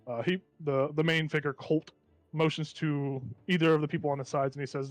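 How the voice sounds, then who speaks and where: A man's voice: a little high, level tone, fairly quick, no echo, soft background music. A man narrating as game master of a tabletop game, describing the scene in a loose, rambling way full of restarts.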